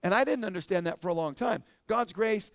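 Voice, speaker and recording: High-voiced earnest preaching man, dry sound. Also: no room sound. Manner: earnest, asks the crowd with a frequent "right?"; reads scripture slowly and deliberately. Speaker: pastor teaching a midweek service. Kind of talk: conversational Bible teaching.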